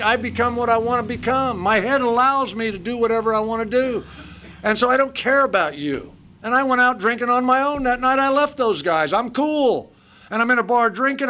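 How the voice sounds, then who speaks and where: A man's voice: very high voice, fairly bright tone. A man in his sixties telling his own life story at a recovery meeting, blunt and self-mocking in short punchy sentences, speaking live before an audience. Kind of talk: humorous personal storytelling.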